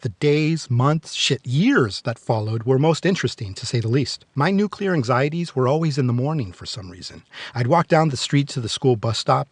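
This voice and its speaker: A man's voice: mid-range voice, breathy edge, dry recording. A man in his forties hosting a film review podcast, narrating in a sardonic, darkly joking way. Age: 40s. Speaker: podcast host.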